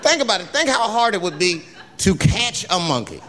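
A man doing a stand-up comedy routine, telling a story in street slang, acting out characters and breaking into loud outbursts. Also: high voice, sing-song, normal speed, crowd noise, noisy background. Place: live comedy venue. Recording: live club set with audience laughter and long reverb.

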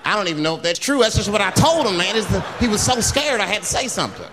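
A man doing a stand-up comedy routine, telling a story in street slang, acting out characters and breaking into loud outbursts. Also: high-pitched, sing-song, quick pace, a crowd in the background, background noise. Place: live comedy venue. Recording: live club set with audience laughter and long reverb.

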